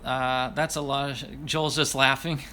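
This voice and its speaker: Reading viewer comments aloud on a casual livestream, this male host speaks a little slowly with a flat delivery and a medium-pitched, pushed, bright voice. He's apologetic and self-deprecating, laughing often when he trips over names, with slight background noise.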